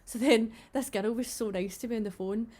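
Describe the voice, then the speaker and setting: A woman's voice: on the high side, a little fast, a little mellow. A Scottish woman co-hosting a podcast, chatting casually in a rambling way and laughing often. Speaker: podcast co-host. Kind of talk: casual chat.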